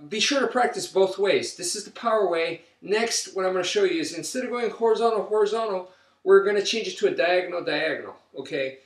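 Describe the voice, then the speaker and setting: A man leads a stick-fighting drill and counts each strike aloud as he moves. His voice sits a little high and comes from well back of the camera. The room around him is roomy and echoing. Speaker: martial arts instructor. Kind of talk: instructional demonstration. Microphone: camera mic from a distance. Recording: roomy, distant camera audio.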